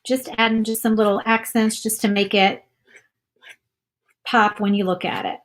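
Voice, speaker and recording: A woman's voice: mid-range voice, steady tone, moderate pace. A woman hosting a casual live craft demo, chatting and reading viewer comments while she paints. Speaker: craft video host.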